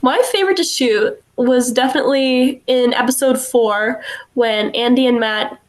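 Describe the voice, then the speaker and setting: A woman's voice: on the high side, moderate pace. A young woman, an actress guest on a podcast, telling stories in a giggly, bubbly way with lots of fillers. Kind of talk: casual podcast interview.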